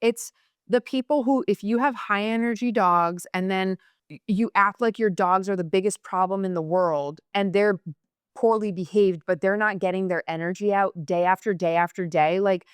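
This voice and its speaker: A woman's voice: mid-range voice, smooth, no room sound, clean studio sound. A young woman hosting a podcast, chatting casually and passionately with lots of fillers. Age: young adult. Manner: chatty, passionate, fast-talking with many fillers. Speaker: podcast host. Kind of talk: casual chat.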